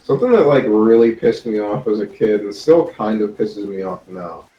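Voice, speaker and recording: A man telling a childhood story in a rambling, halting way. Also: fairly low pitch, animated, slight background noise. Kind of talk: casual chat. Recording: distant dull echoey mic.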